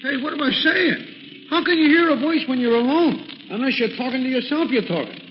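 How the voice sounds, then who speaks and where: A wisecracking cab driver rattles off slangy patter in a strikingly high, reedy voice. This 1940s radio drama is muffled and hissy. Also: male voice, expressive, a little fast. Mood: chatty.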